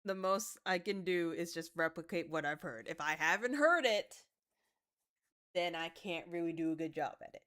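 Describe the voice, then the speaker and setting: A young woman streaming a game, chatting casually, swinging from mumbles to excited outbursts, swearing and laughing as she tells stories. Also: fairly low pitch, normal speed, clear, resonant tone. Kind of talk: casual livestream chat while gaming.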